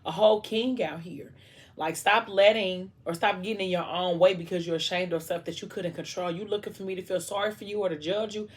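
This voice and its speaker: A woman's voice: on the low side, steady tone, a little fast, lightly acted. A woman voicing a blunt, fiercely loyal young woman who swears freely but speaks with care. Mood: reassuring. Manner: blunt and profane but caring.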